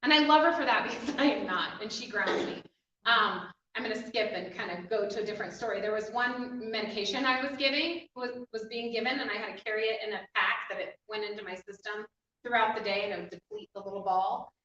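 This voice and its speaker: A woman telling a personal faith story in an animated, emotional way, often breaking into laughter. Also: mid-range voice, a little fast, a little hiss or hum. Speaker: inspirational speaker. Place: echoey room. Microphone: distant mic. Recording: echoey room, distant mic, dull sound.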